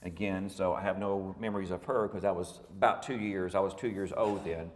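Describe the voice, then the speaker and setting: A man's voice: low-pitched, steady tone, a little fast. A man, giving a folksy, rambling family history lecture full of fillers and self-corrections. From Texas. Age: 50s. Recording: reverberant hall.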